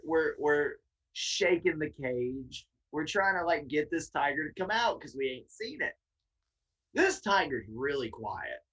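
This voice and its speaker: A man from Tennessee, a guest wrestler, telling a casual, animated story with laughs and swearing. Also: fairly high pitch, rough recording.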